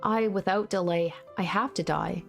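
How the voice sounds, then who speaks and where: A woman voicing a tearful, guilt-ridden young woman, reading a visual novel aloud in a higher, pleading voice. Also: normal speed, gravelly, soft background music. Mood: despairing. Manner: higher, sobbing, pleading delivery.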